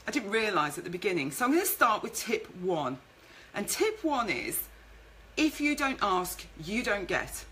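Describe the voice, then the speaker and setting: Woman doing a live business talk, bright chatty voice, bit of faint noise in the background. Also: mid-range voice, rough recording. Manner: chatty, reads out viewer comments aloud. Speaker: networking show host and speaker.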